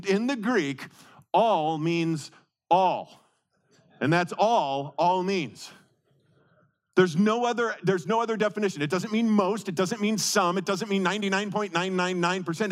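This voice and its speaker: A male pastor delivering a sermon with a voice a little higher than most men's. He preaches emphatically, hammering key words through repetition. His delivery lurches between quick, pressing bursts and slow, deliberate phrases.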